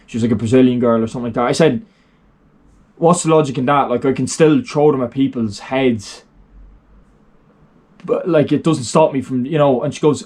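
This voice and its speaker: A man's voice: mid-range voice, a little fast, long pauses, darkish tone, husky. Irish young man, rambling sweary vlog storyteller, unscripted. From Ireland. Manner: rambling, sweary, lots of fillers. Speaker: vlogger.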